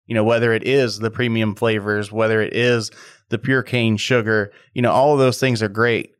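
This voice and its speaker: A man's voice: on the low side, flat delivery, moderate pace, clear, resonant tone, dry recording, clean studio sound. A man hosting a podcast interview, chatty and enthusiastic as he talks about marketing. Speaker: podcast host.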